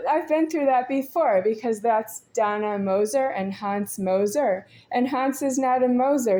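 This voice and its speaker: A woman's voice: mid-range voice, a little hiss or hum. A woman in her forties talking to a camera at home in a rambling, agitated monologue. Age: 40s. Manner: rambling, agitated, at times shouting. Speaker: vlogger. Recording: echoey room.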